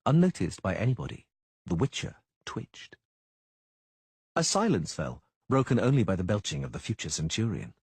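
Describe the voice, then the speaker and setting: Husky male audiobook narrator. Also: on the low side, normal speed, no room sound. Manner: voices characters with lively shifts.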